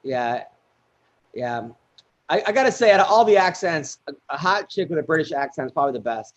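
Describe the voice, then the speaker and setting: A man's voice: a little high, expressive, a little fast, lo-fi sound. Man rambling through fight picks. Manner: rambling fight rundown with fillers. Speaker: podcast host. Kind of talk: casual podcast chat.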